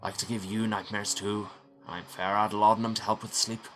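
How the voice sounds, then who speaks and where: A man with a lowish, level voice, speaking a little fast, lightly acts a gloomy young Scottish doctor with a dry, rueful manner. His put-on Scottish accent is shaky and slides toward Irish. The tone is a bit bright, with soft background music.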